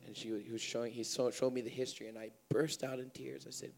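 A man's voice: medium pitch, flat delivery, fast talker, gravelly, few pauses, faint music behind. A young man preaching a sermon at a church service, with impassioned, rising emotional appeals.

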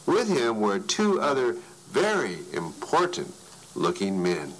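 A man narrating a story in an animated way, his voice swinging widely for emphasis. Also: on the low side, takes it slowly, slight background noise, low-quality recording.

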